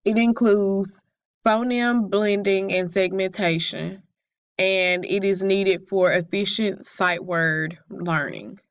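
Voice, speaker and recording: A young woman reads her class presentation aloud in a careful, steady way, now and then stumbling and correcting herself. Her voice sits at an ordinary middle pitch, and the recording is close and dry, with no room sound. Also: slow, dry recording. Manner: careful, read-aloud delivery with occasional slips. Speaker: student presenter.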